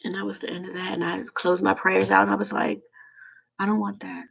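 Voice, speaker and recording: A woman talking to her viewers in a rambling, halting, heartfelt way about prayer and loneliness. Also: medium pitch, completely flat delivery, creaky, a bit bright, slightly rough, lo-fi sound. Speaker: vlogger. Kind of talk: casual heartfelt monologue.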